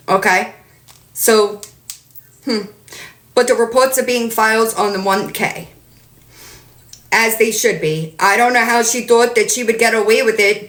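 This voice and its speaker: A woman's voice: medium pitch, a bit bright, echoey room. Indignant woman ranting on a livestream. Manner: indignant, reading out message exchanges. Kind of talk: casual livestream rant.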